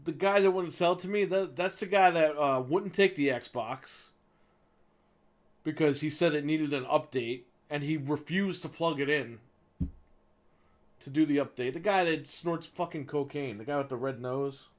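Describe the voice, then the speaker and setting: A man casually telling a long story as co-host of a gaming show, animated and swearing freely as he acts out the people involved. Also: on the high side, measured pace.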